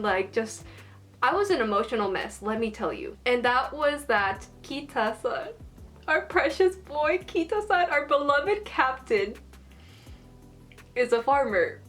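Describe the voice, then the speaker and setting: A woman chatting casually as a fan, gushing and emotional, with lots of fillers. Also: on the high side. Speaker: manga fan reviewer.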